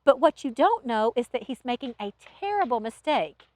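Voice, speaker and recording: This is an earnest young woman, an angel in training, with a Southern accent and a pleading, apologetic way of talking, as a woman storyteller puts her on. Her voice sits high and swings widely through each line. It is a close, dry recording. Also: big pitch swings, moderate pace, a little mellow, no room sound.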